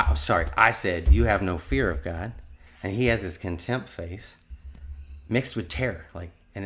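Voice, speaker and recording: Man in his 50s with a really low voice, telling a religious testimony, earnest and rambling. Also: a bit bright. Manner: earnest, rambling storytelling with restarts. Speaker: testimony speaker.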